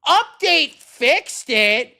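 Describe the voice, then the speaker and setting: A tutorial instructor in a recorded programming lesson, calmly and quickly explaining the next steps with filler ums. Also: sits high, gravelly.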